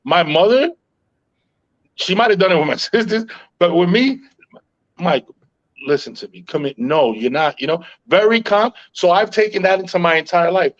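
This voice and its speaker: Calm-talking man host, slightly high pitch. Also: normal speed, lo-fi sound. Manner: calm, even-tempered storytelling with frequent "yo" and profanity. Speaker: podcast host. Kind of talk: casual podcast chat.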